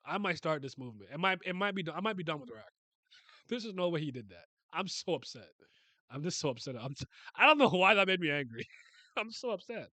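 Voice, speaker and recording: A man's voice: a little high, sharp tone, no room sound. Exasperated man ranting in a dry close mic. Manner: exasperated ranting, frequent exclaiming and stammered restarts. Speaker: webcomic reaction host. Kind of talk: casual reaction commentary.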